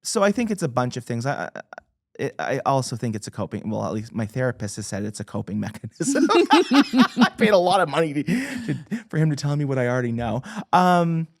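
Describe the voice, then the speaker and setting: Animated guest author, lively pitch. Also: fairly quick. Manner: animated, self-deprecating humor, laughs often. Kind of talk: conversational interview.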